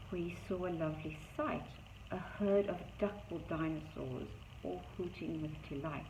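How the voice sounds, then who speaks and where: A woman's voice: on the low side, steady tone, moderate pace, creaky, darkish tone, a little hiss or hum. A woman reading a rhyming picture book aloud to young children, in a sing-song rhythm with chatty asides about the pictures. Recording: dull echoey room.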